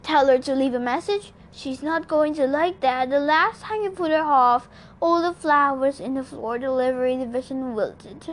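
Hermes, a woman doing a breezy, relaxed male god. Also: high voice, normal speed, natural voice. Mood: easygoing. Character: calm, easygoing male god disguised as a jogger.

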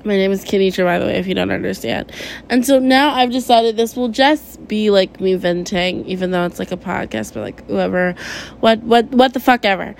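A woman's voice: mid-range voice, animated, moderate pace, gravelly, a little hiss or hum. A young woman hosting a casual podcast from her kitchen at home, venting in a rambling, emotional way and swearing constantly. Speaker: podcast host.

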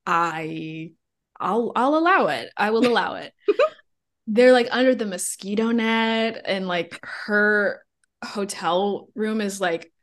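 A woman's voice: medium pitch, expressive, slow. A woman co-hosting a podcast, recapping a film in casual chat with blunt jokes and frequent laughter. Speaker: podcast co-host.

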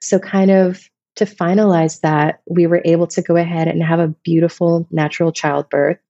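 Mellow-voiced woman telling her story. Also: lowish voice, little pitch movement, moderate pace, no echo, muffled recording. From Vermont, US. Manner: emotional, rambling, many restarts. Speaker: podcast guest, photographer. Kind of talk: casual personal storytelling.

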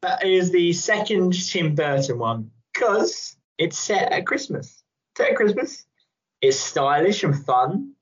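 A man's voice: sits high, expressive, slow pace. A man chatting casually on a podcast, rambling and playful, often laughing. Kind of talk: casual chat. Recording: dull lo-fi sound.

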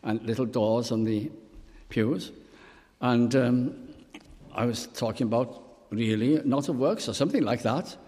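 An older man from Wales preaching a sermon, telling personal stories and quoting scripture slowly. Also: mid-range voice, long reverb tail. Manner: storytelling, warm pauses, quotes scripture slowly.

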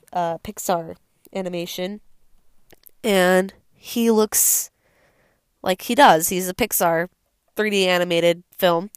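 A woman's voice: medium pitch, gravelly, dry recording, studio quality. A young woman hosting her own video, talking casually and rambling about a film she loves, with many fillers. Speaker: video host. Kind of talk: casual unscripted film talk.

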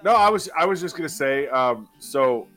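Brief: male podcast co-host, lively up-and-down voice, teasing and steering, faint music underneath. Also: medium pitch, normal speed. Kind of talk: casual chat.

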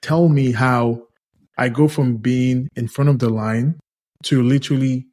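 A man co-hosting a podcast in casual chat, telling stories in a teasing, animated way. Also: medium pitch, unhurried. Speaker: podcast co-host.

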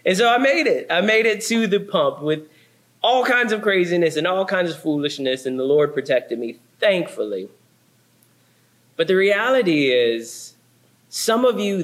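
A man's voice: on the high side, fairly bright tone. A young adult man preaching a sermon, telling a story with laughs and sound effects. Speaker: pastor.

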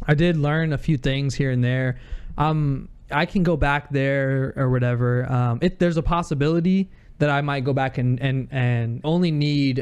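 A man chatting casually, telling an animated story full of restarts and swearing. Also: on the high side, smooth. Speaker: podcast co-host telling a story. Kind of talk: casual chat.

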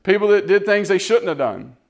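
A man's voice: high-pitched, big pitch swings, fairly quick, vocal fry. A man giving an impassioned, earnest sermon testimony, repeating phrases as he builds.

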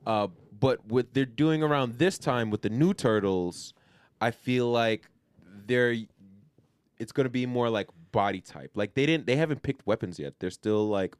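A man's voice: medium pitch, moderate pace, smooth, no room sound. A man co-hosting a podcast, talking loosely with lots of slang, fillers and swearing. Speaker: podcast co-host. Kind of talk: casual chat.

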